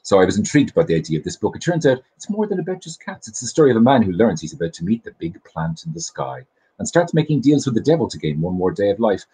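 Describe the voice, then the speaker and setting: Brief: man playing a fussy talking houseplant, husky, lively, pitched high. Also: fast, low-quality recording. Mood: opinionated. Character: prim female houseplant book critic.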